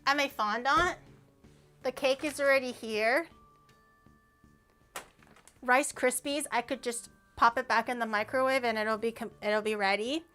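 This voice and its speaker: A woman's voice: on the high side, measured pace, pauses often, faint music behind. Playful woman streamer baking and chatting. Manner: playful, teasing and animated, reacts to chat. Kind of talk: casual stream chat while baking. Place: home kitchen.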